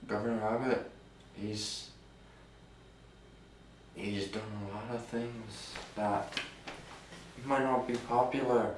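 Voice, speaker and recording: Rambling mock-French deposed king, slow and pompous, man doing the voice. Distant, noisy, roomy recording. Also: fairly low pitch. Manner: rambling, self-important, bragging. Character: boastful deposed male "king of 2021".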